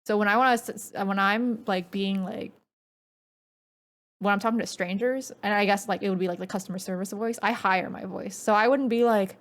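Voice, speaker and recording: Woman streamer, casual game commentary, chatty and rambling, relaxed low voice. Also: fairly quick. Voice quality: naturally low, relaxed speaking voice. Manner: rambling, filler-heavy, chatty.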